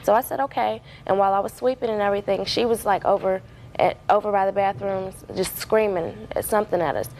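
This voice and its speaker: A young woman tells her side in court, rambling through her account with many fillers and restarts. Her voice sits at a mid pitch. A faint hiss is heard behind her. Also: fairly even intonation, a little fast, a little mellow, rough recording. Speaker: defendant. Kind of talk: courtroom testimony.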